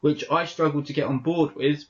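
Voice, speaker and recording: A man's voice: fairly high pitch, fairly even intonation, moderate pace, darkish tone, highs cut off. A man co-hosting a podcast, chatting casually and telling rambling stories with lots of self-corrections. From England. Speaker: podcast co-host. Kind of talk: casual chat.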